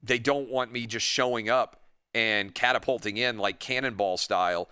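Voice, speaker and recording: A man hosting a radio talk show, talking in a rambling, animated way and acting out imagined conversations. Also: medium pitch, moderate pace, smooth, dry recording, clean studio sound. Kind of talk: opinionated radio monologue. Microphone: studio microphone.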